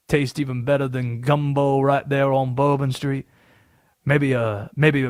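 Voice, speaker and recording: A radio host putting on an excitable male conspiracy theorist with a showy put-on Southern US accent. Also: high-pitched, dry recording, studio quality, heavily acted. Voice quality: drawling, showy, rising and falling wildly. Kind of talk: comic put-on voice on sports talk radio.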